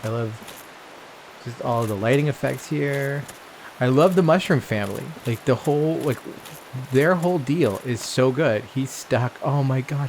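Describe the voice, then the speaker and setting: A man's voice: mid-range voice, measured pace, darkish tone, slight background noise. Profane, chatty man playing a game. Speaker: let's play gamer. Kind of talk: casual gameplay commentary.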